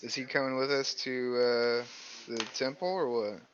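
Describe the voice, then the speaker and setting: A man's voice: mid-range voice, steady tone, normal speed, a bit bright, smooth, muffled recording. A man chatting casually and joking as a player in a tabletop game.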